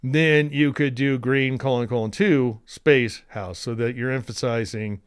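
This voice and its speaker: A man hosting a screen-share software tutorial, chatty and enthusiastic, with asides and restarts. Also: medium pitch, steady tone, a little slow, smooth, dry recording, clean studio sound.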